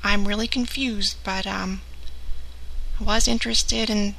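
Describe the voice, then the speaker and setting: A woman's voice: mid-range voice, fairly even intonation, creaky, pushed and bright, a little hiss or hum, rough recording. A woman playing a polite, confused older lady leaving a prank voicemail. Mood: sweetly confused. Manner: polite, slow and puzzled. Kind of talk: prank phone call role-play.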